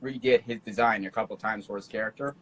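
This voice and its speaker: A young man talking as a guest on a casual podcast, outgoing and animated, laughing often. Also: lowish voice, quick pace, a little hiss or hum, low-quality recording. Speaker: guest artist.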